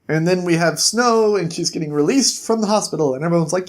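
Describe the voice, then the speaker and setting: A man's voice: high-pitched, a little fast, few pauses. A man hosting a casual comic-book review, retelling the plot in a goofy, chatty way. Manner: goofy, chatty, acts out quotes.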